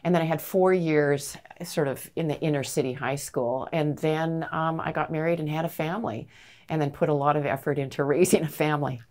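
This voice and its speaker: A woman's voice: low-pitched, fairly even intonation, fairly quick, darkish tone. A middle-aged woman from Canada, an advocate answering interview questions with earnest, emphatic storytelling. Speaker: anti-trafficking advocate, guest.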